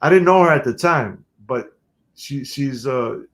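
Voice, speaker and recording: Animated New storyteller man. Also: medium pitch, measured pace. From New York City. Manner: animated storyteller who laughs often. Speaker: guest musician. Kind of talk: storytelling in an interview.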